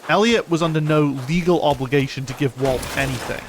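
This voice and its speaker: A man's voice: a little high, fairly quick, background noise. A man, casually commenting on a game he is playing, chatting with viewers and reading lore aloud, swearing freely. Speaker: game streamer.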